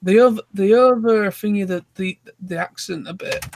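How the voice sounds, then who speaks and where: Co-hosting a live chat in an online group call, a Yorkshire man with a high voice rambles and digresses at a moderate pace. He speaks with a Yorkshire accent and a casual manner.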